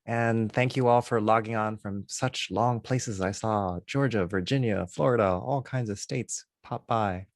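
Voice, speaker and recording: A man's voice: on the low side, unhurried, hardly any pauses, no echo. Dry-voiced man hosting an online story event. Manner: friendly, stumbles and laughs over names. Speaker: event host. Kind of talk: introducing a speaker.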